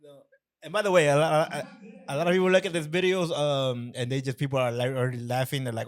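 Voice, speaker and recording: A man's voice: fairly high pitch, level tone, fast. A man born in Mexico and raised in Chicago, a comedian chatting on a podcast in a laid-back, rambling, self-deprecating way. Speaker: comedian guest. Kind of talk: casual podcast chat.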